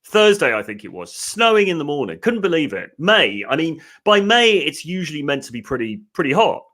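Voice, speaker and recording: A man's voice: on the high side, very animated, fairly quick, a bit bright. A young British man hosting a podcast, in casual chat with chatty asides and frequent restarts. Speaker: podcast host.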